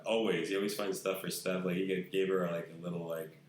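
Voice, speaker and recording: Low-voiced man telling rambling stories. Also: fairly even intonation, quick pace, roomy sound, slight background noise, rough recording. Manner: rambling storyteller, swears freely. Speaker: podcast host. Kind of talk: casual chat.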